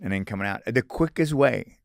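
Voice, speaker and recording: A middle-aged man, a guest author, telling stories in an animated, emphatic way on a podcast. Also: medium pitch, fairly quick, gravelly, no room sound, clean studio sound. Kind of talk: conversational podcast interview.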